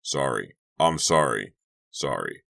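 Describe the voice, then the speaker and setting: A man's voice: extremely low pitch, lively intonation, takes it slowly, gravelly, bright, forceful tone, exaggerated voice. A man doing a wheedling teenage prankster boy. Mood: apologetic. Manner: wheedling, playful. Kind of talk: audiobook character voice.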